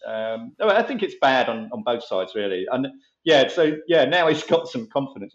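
A man from England, a comedian guest in casual chat, talking in a halting, rambling way with many restarts. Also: mid-range voice, sing-song, reverberant, dull audio.

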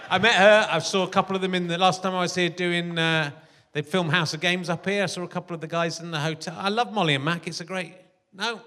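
A man's voice: high voice, fairly even intonation, quick pace, pushed and bright. A man hosting a live comedy podcast on a theatre stage, rambling and self-deprecating, laughing often. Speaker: podcast host.

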